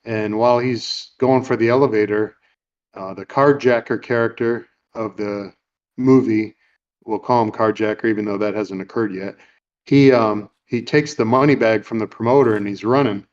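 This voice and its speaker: A man's voice: fairly low pitch, steady tone, normal speed, a little mellow. A man hosting a podcast, retelling a film scene in casual chat, rambling with plenty of fillers. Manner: rambling, with many fillers and acted-out quotes. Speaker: podcast host. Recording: dull lo-fi recording.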